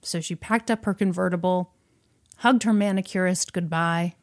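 Woman, podcast host, chatty storyteller who acts out the quotes. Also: on the low side. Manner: animated, quotes characters in quick asides. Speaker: podcast host retelling a film plot. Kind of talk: casual storytelling chat.

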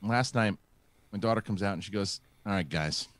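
A middle-aged man hosts a casual live show, telling a story with lots of restarts and fillers. His voice sits low. The sound is dry and close. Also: moderate pace, a bit bright, dry recording. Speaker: host.

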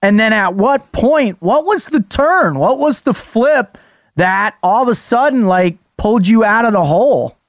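A man's voice: high voice, expressive, unhurried, no room sound, clean studio sound. A male podcast host asking probing, conversational follow-up questions. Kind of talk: interview questions.

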